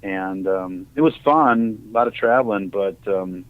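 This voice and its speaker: A middle-aged man from Ohio telling rambling, animated stories as a podcast guest, often acting out what people said. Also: fairly low pitch, a little slow, no room sound. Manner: rambling, animated, acts out quoted dialogue. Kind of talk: casual storytelling. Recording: tinny phone-like audio.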